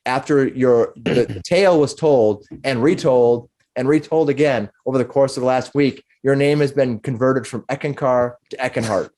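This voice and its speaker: A man's voice: medium pitch, a little mellow. A man narrating as game master of a tabletop game, often restarting his sentences. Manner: halting narration with many restarts.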